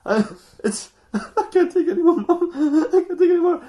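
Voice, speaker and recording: A man's voice: a little high, quick pace, mellow, natural voice. A man voicing a whiny, filth-covered boy who is close to tears and squeals his complaints. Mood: wailing.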